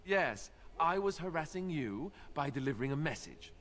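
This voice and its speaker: Alistair, a wry young warrior. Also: male voice, fairly high pitch, sing-song, normal speed, a bit bright. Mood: sarcastic. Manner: sarcastic, playful. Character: wry young male warrior, joking and self-deprecating. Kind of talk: video game voice acting.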